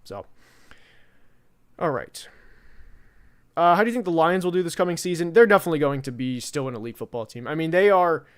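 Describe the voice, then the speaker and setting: A man's voice: a little high, animated, brisk, long pauses, smooth. A young man hosting a casual football podcast, rambling with lots of fillers and restarts. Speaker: podcast host.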